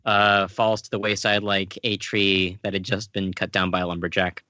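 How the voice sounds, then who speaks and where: A man hosting a podcast, recapping a comic in relaxed chat with many fillers. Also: low-pitched, normal speed, dry recording, lo-fi sound. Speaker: podcast host.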